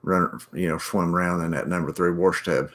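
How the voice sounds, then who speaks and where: Middle-aged guy hosting a live chat, kinda low voice, folksy and rambly, says hi to folks by name. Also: steady tone, normal speed, fairly bright tone. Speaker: livestream host reading viewer chat. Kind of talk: casual chat.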